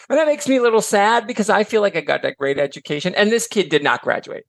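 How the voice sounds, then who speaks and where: Give me an animated middle-aged man, fairly high-pitched and recorded dry, full of fillers and quick asides. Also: gravelly, no room sound. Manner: animated storyteller, acts out quotes in voices; chatty, filler-heavy, laughs easily. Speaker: podcast guest, author and educator. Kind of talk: casual chat.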